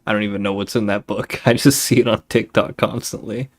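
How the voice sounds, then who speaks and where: Low-voiced man rambling on a game stream. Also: steady tone, a little fast. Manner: rambling, goes off on tangents; laid-back, swears casually. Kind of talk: casual chat while streaming a game.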